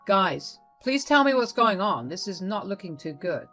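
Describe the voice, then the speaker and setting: A woman's voice: medium pitch, big pitch swings, normal speed, fairly bright tone, faint music behind. A woman voicing an angry young husband scolding his mother. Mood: confused. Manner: indignant, scolding.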